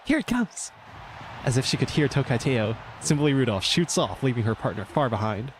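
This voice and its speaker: A man reading game dialogue aloud in a high girlish voice, playing a peppy, boastful young female racer. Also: lively intonation, normal speed, background noise, natural voice. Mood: excited.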